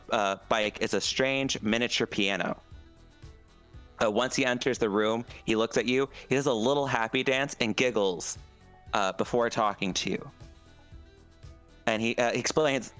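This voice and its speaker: Guy dm narrating a campaign, smooth clean voice, hammy and jokey, bit of music under it. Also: medium pitch, normal speed, a bit bright. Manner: playful, dramatic storytelling with puns. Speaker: game master. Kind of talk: narrating a tabletop game.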